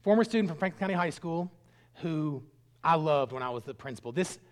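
A middle-aged man preaching a sermon, telling stories earnestly and swinging between loud bursts and hushed lines. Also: fairly high pitch, expressive, a little fast. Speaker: pastor.

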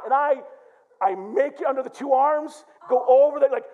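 A male pastor from Michigan preaching in church, telling a story with lively acted-out quotes and shouts. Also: very high-pitched, fairly quick, phone-quality sound. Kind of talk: sermon.

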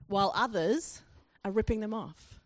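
A woman's voice: medium pitch, moderate pace, no echo, studio quality. A woman preaching a sermon, acting out quoted questions with rising emphasis.

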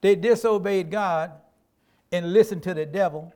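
High-voiced, emphatic older preacher man. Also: moderate pace, darkish tone. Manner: folksy, emphatic preaching with colloquial speech. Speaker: pastor. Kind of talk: sermon.

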